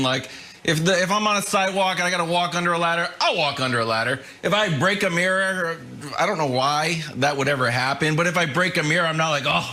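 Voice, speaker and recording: Animated high-voiced man arguing sports. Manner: animated, mocking impressions of fans. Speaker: sports debate co-host. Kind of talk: lively sports debate.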